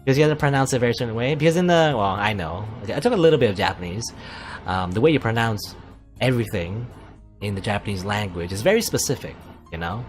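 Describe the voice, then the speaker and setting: A man hosting a let's play, reading a visual novel aloud and rambling through his thoughts with many fillers and asides. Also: on the low side. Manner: puts on a mock posh British voice for quips.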